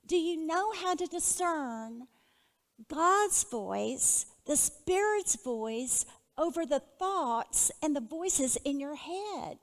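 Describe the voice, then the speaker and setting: A woman teaching a Bible lesson in an earnest, measured way, putting questions to her listeners. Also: high-pitched, animated, long reverb tail.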